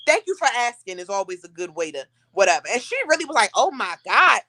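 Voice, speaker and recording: A young woman hosting a casual chat, telling stories with animated, acted-out quotes. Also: medium pitch, fast talker. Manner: animated storytelling, acting out quotes. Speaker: podcast host.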